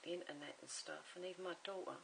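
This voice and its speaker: A woman's voice: lowish voice, steady tone, fast talker, creaky, fairly bright tone, poor audio. A middle-aged woman, chatting and rambling through a home crafting tutorial, muttering to herself as she works. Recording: home camera recording with faint hiss.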